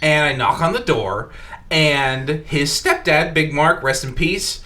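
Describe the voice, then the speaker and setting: A man's voice: on the high side, slow pace. A young adult man hosting a casual podcast, telling crude stories with laughter. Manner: laughing, crude, animated storytelling. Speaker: podcast host. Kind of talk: casual storytelling chat.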